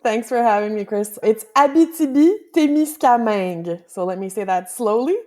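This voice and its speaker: Woman from quebec, travel guest, friendly, explanatory, mid pitch. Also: steady tone, brisk, dark tone. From Quebec, Canada. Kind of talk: podcast interview.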